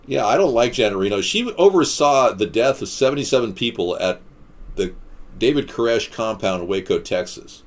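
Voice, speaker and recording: A man hosting a casual live stream, answering viewer comments in a rambling, deadpan-joking way with quips and rants. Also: on the low side, fairly quick. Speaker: livestream host.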